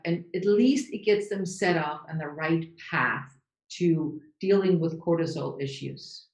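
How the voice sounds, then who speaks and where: A woman host with a very low voice interviews her guest, affirming her points and asking long, winding questions. Her voice carries a roomy echo. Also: measured pace, a little mellow. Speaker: podcast host. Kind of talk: casual interview chat.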